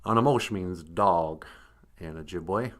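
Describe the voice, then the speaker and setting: Serious male dog with a Southern drawl, low and earnest, stammers and calls the host boss, played by a man. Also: a little slow, fairly bright tone.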